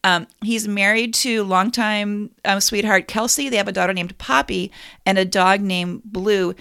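A woman's voice: medium pitch, steady tone, unhurried, gravelly, a bit bright, clear, resonant tone. A woman co-hosting a casual sports podcast, sharing background stories in an enthusiastic, informative way. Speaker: podcast co-host.

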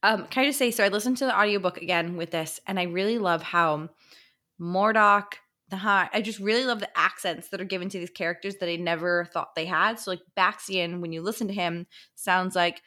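A woman's voice: fairly low pitch, brisk, bright, forceful tone. Musing young woman thinking aloud. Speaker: podcast co-host. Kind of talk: casual book discussion.

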